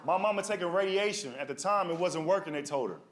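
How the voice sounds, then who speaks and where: A man's voice: high voice, fast. A male stand-up comedian telling rambling stories in a streetwise way on stage, with a handheld mic. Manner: streetwise, rambling, asks the crowd "you know what I mean". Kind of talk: stand-up storytelling. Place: comedy stage before a live audience. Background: audience laughter.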